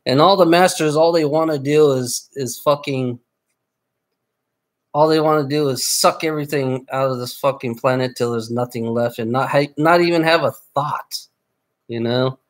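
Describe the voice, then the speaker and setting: In a casual live stream, a man with a mid-range voice and moderate pace angrily lays into his chat. His rant is profane and repetitive, broken up by stammering restarts.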